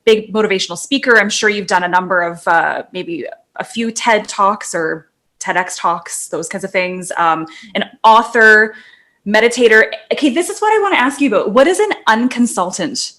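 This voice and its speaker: A woman's voice: mid-range voice, lively intonation, normal speed, a bit bright. A woman co-hosting a podcast, chatting casually with plenty of "like" and "um". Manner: chatty, lots of "like" and "um". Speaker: podcast co-host.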